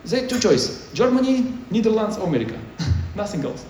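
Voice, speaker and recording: A man's voice: high voice, big pitch swings, normal speed, hardly any pauses, a little mellow, slight background noise. A man giving a conference talk in choppy, non-native English, with many restarts. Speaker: conference speaker. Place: conference hall. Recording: echoey hall, mic far off.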